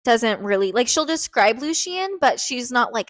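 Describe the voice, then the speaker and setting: Chatty young woman, bright and dry. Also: a little high, lively intonation, moderate pace, dry recording. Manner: chatty, many likes and restarts. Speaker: podcast co-host. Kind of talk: casual book discussion chat.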